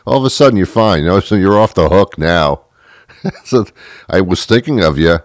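A man's voice: low voice, expressive, normal speed, no room sound, clean studio sound. A man hosting a talk show, delivering a sardonic, self-mocking comedic monologue.

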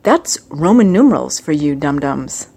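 A woman talks through a casual comedic monologue with a chatty, rambling flow. Her pitch swings widely and animatedly as she goes, breaking into playful impressions. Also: very animated, normal speed, gravelly, a little mellow, slightly rough. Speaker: host.

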